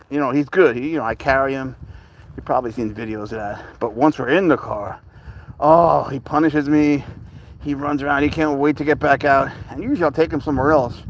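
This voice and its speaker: A man's voice: medium pitch, a little hiss or hum, low-quality recording. A man hosting a casual live stream with his pet cat, chuckling as he answers viewer questions while walking outdoors. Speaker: livestream host with a pet serval. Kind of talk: casual live-stream chat reading comments.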